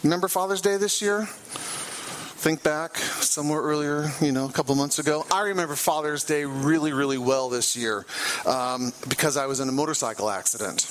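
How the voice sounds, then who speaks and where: A middle-aged man, a trauma therapist invited as a guest speaker, tells a personal story from a church platform in a fairly high, brisk voice. The recording is low quality, and his delivery is loose and conversational, with fillers and self-corrections.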